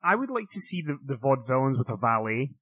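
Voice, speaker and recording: A man co-hosting a casual wrestling chat, chatty and quick to laugh, often stumbling over his words. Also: medium pitch, big pitch swings, husky, no room sound. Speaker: wrestling podcast co-host. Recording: dull lo-fi dry sound.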